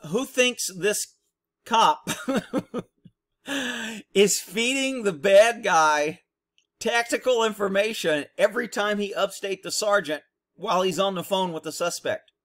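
A man's voice: high-pitched, slow pace, a bit bright. A man, a former police officer, giving blunt, profane commentary on a video and telling his own cop stories.

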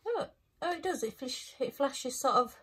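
A woman, chatting casually as she unboxes a craft kit. She thinks aloud and breaks into bright little exclamations. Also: sits high, expressive, normal speed, husky. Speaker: craft vlogger.

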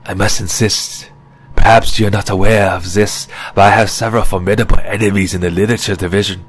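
A man's voice: lowish voice, little pitch movement, fast talker, slightly rough. A man voicing a fussy, gossipy middle-aged male French professor in an audiobook, precise and slightly sarcastic. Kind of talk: audiobook character reading.

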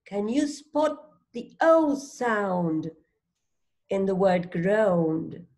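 A woman leads a phonics read-along for a young child, sounding out each letter with patience. She speaks very slowly and deliberately and keeps her pitch in an everyday middle range. Her tone stays gently encouraging as she prompts the child. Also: sing-song. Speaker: reading teacher.

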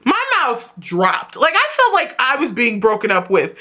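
A woman talks through a TV episode for her vlog in a casual, blunt way, swearing freely. Her voice sits a bit high and has a bright, sharp edge. Her flat tone can come across as sarcastic even when she means it. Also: unhurried, vocal fry. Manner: blunt and profane, animated retelling. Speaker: TV episode reviewer.

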